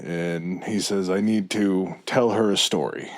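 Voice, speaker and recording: A man co-hosting a podcast who tells his version of a myth in a slow, measured way and throws in dry jokes. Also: low voice, fairly even intonation. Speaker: podcast co-host. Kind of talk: casual storytelling chat.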